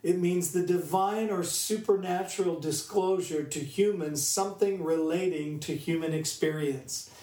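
A man's voice: high voice, a little slow, hardly any pauses, mellow, roomy sound, distant mic. A man preaching a sermon, reading scripture and telling a personal story in an earnest manner.

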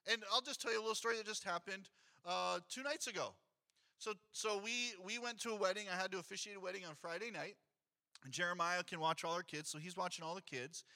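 A pastor in his thirties delivers a sermon in a church with a very bright, ringing voice. He sits high for a man and tells stories with animation, slipping into the voices of the people he quotes. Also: fast talker, gravelly. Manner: storytelling, animated, acts out quotes. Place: church sanctuary.

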